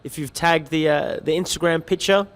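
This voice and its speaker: This livestream host's voice is a little high with a steady tone, and he moves at a moderate pace under a long reverb tail. Reading viewer comments, the man greets them by name and jokes lightly, keeping the chat upbeat.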